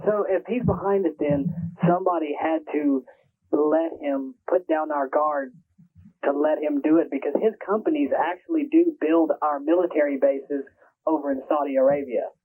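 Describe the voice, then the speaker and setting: A man talking on a public access show and raising skeptical questions. His voice is slightly high and husky. The audio is thin and phone-like. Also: lively intonation, normal speed. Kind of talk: casual conversation.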